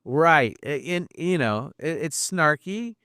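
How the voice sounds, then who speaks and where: A man's voice: fairly high pitch, lively intonation, slow, sharp tone, clean tone, no room sound, clean studio sound. A man co-hosting a podcast, recapping a TV episode in wry, chatty talk. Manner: chatty, wry, repeats words when restarting. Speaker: podcast co-host. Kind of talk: casual TV episode discussion.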